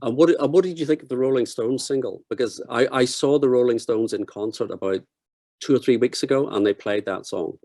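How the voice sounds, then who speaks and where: A man guest on an interview show, telling stories in a relaxed, unhurried way. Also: mid-range voice, dry recording. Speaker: guest, podcast co-host. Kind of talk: casual interview storytelling.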